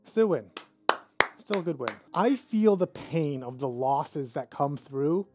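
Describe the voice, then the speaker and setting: A man's voice: on the high side, animated, unhurried, over loud music. A man with a British accent doing comedic game commentary as a mock motivational guru who rants and swears. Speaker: let's play host.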